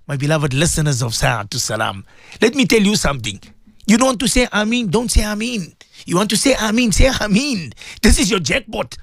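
Male radio host-cleric, impassioned and pleading, very animated pitch, dry studio mic. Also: brisk, gravelly, no room sound. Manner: impassioned, pleading, repeats words. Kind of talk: emotional radio devotional talk.

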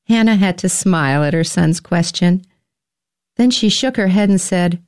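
A woman narrating a story in a gentle, scripted reading style. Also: lowish voice, moderate pace, clean tone.

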